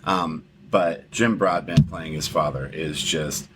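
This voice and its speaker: Deep-voiced man rambling about films. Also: slow pace, background noise. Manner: rambling, repeats words, swears casually. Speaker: podcast co-host. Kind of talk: casual film discussion.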